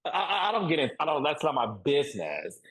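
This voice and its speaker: A man talking as a guest on a podcast interview, emphatic and animated, repeating points for stress. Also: a little high, brisk, breathy edge, rough recording. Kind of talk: casual interview chat.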